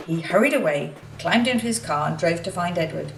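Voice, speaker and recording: A woman narrates a children's story with clear, expressive storytelling. Her voice sits low but moves widely. She is heard from a distance in a roomy space. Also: quick pace, few pauses, a little hiss or hum. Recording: echoey room, distant mic, faint music.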